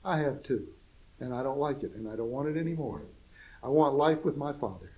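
A man preaching a sermon, swinging between soft low asides and loud emphatic exclamations, with folksy humor and chuckles at his own jokes. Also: a little fast, low-quality recording.

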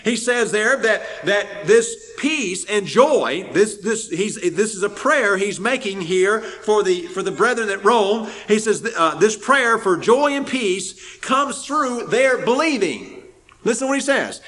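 A man's voice: high voice, expressive, measured pace, a bit bright, rough recording. A man preaching a sermon in an earnest way, often repeating phrases and asking his listeners questions.

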